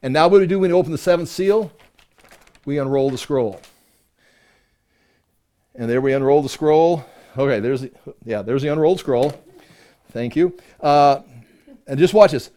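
A man's voice: a little high, moderate pace, long pauses, mellow. A man teaching a conversational Bible-study sermon, reading verses aloud with emphasis and explaining them with rhetorical questions.

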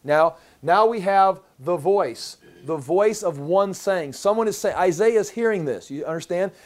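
A man's voice: sits high, animated, a little slow. A man teaching a Bible passage as a pastor, in a conversational way, often repeating words as he restarts and reading scripture aloud.

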